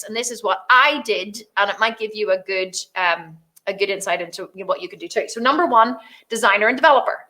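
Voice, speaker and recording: Brief: middle-aged female business coach, high voice, blunt, animated, swears freely. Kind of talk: energetic business training talk.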